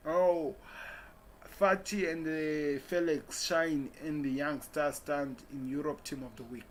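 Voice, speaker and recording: A man's voice: a little high, steady tone, a little slow, a little hiss or hum. A man hosting a football channel, casually reading transfer headlines aloud with restarts and muttered asides.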